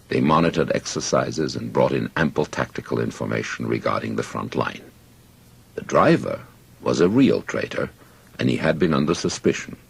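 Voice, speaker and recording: A man narrating an audiobook in first person with measured storytelling. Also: extremely low pitch, gravelly, breathy edge.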